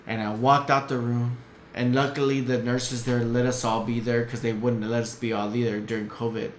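A man's voice: medium pitch, flat delivery, normal speed. A man telling a story in casual chat as a podcast guest, blunt and heated, swearing often. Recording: echoey room, faint noise.

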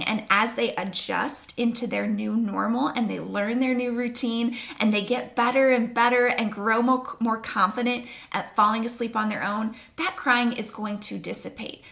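Woman sleep coach talking to camera, kinda high and fry-ish, reassuring. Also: sharp tone. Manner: reassuring, explains step by step. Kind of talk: instructional talk to camera.

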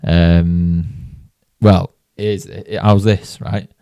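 A man's voice: deep voice, flat delivery, very slow, creaky, warm tone, smooth, no room sound. English guy on a golf pod, telling a story, laughs a lot, dry close sound. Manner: anecdotal, laughs often while telling a story. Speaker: podcast co-host. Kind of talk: casual chat.

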